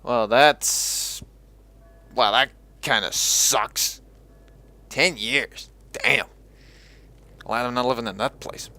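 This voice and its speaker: Bright sarcastic man commenting on a game. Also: medium pitch, takes it slowly, pauses often. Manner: sarcastic, joking. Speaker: let's play host.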